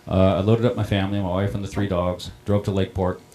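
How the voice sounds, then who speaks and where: Deep-voiced man telling his own story. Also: level tone, dark tone. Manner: plain-spoken, halting, many ums and restarts. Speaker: water district operator on a panel. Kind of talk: personal storytelling.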